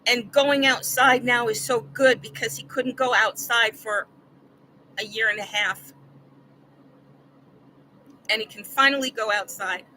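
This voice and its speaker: A woman's voice: fairly high pitch, steady tone, a little slow, pauses often, sharp tone, slight background noise, low-quality recording. An older woman vlogging, telling a personal story in an earnest, rambling way that repeats words when she gets upset.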